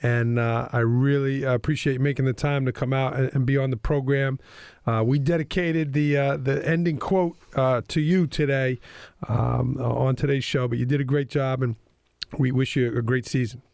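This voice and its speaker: A man's voice: mid-range voice, steady tone, normal speed, creaky, darkish tone, clean tone, no echo, studio quality. A man hosting an interview podcast as a school principal, talking in a friendly, casual way with lots of uh fillers. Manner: friendly, filler-heavy with frequent uh.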